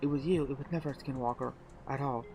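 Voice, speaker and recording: A man's voice: mid-range voice, steady tone, quick pace, warm tone, natural voice. A wary young woman gunslinger, read by a man who talks in a blunt, exasperated way. The voice stays close to a plain speaking voice, with a little background noise. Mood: accusing.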